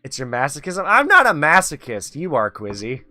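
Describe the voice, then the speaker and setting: A man hosts a loose, joking chat in a bright, forward voice, laughing between lines as he teases. The sound is dry and close, with faint music playing underneath. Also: fairly high pitch, huge pitch swings, normal speed, no echo. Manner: teasing, laughs often. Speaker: talk show host. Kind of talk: casual chat. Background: faint background music.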